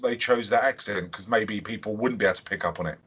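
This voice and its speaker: A man's voice: on the low side, quick pace, fairly bright tone, husky. Chatty man reviewing films. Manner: chatty, hesitant restarts. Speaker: podcast host. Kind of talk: casual film review chat. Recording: lo-fi podcast audio.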